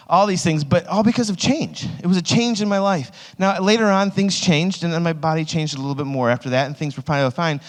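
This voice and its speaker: A man in his thirties, a youth pastor, telling a rambling, self-mocking personal story in a sermon, full of "like" fillers, on stage microphones. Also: a little high. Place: large hall with an audience. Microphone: two stage microphones. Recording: long hall reverb.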